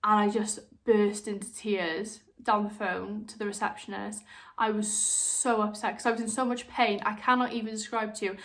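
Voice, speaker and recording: A young woman talks openly to camera in a frank, chatty vlog. Her voice sits at an ordinary middle pitch for a woman. She drops into quick voices of other people when she quotes them. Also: little pitch movement, a bit bright. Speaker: vlogger, new mother. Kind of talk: candid personal chat to camera.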